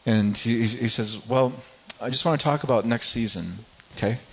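Mid-pitched male pastor, halting and repetitive in his delivery, sermon storytelling, slightly muffled recording. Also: creaky, husky. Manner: halting, repeats words, quiet when moved. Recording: slightly dull lo-fi sound.

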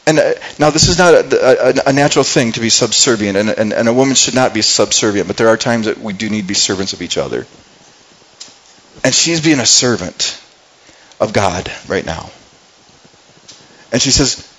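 A man's voice: medium pitch, fairly quick, low-quality recording. Earnest male pastor preaching. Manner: earnest, paraphrasing scripture in everyday speech, frequent restarts. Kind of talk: sermon.

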